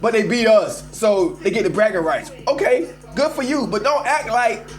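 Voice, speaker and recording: Male call-in host, very high voice, emphatic and animated, faint music under him. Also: moderate pace. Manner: animated, emphatic, addresses listeners as y'all. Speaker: host of a live call-in show. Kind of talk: casual sports rant.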